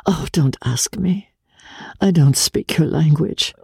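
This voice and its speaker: A woman's voice: low-pitched, lively intonation, a little slow, dark tone, husky, no echo, studio quality, exaggerated voice. A woman reading as a wistful young countess. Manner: lightly teasing, petulant. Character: elegant, wistful foreign-raised young countess.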